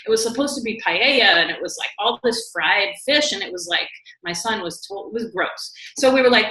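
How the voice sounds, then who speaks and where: A woman co-hosting a casual talk show, telling a story in a lively, quick way with lots of "like" and "you know". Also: mid-range voice. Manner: animated, quick storytelling with many likes and you knows. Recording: echoey room.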